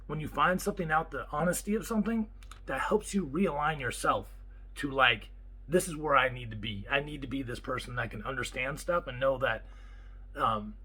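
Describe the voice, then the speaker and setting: A man, a property manager, telling a story in a casual vlog and acting out the quotes in an excitable way. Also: mid-range voice, breathy edge, poor audio. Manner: animated, excitable retelling with acted-out quotes.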